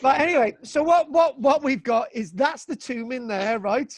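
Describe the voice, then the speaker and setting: Over video call, a British man teaches a live online archaeology class to young students, energetic and jokey, feigning exasperation and tacking "right?" onto his sentences. His pitch is extremely high, his speed normal, and the recording dry.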